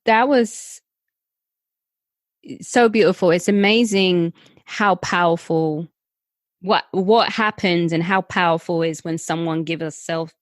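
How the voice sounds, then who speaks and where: A woman's voice: lowish voice, takes it slowly, no echo, studio quality. A woman hosting a podcast interview, speaking in an affirming, encouraging way. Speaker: podcast host. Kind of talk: casual interview talk.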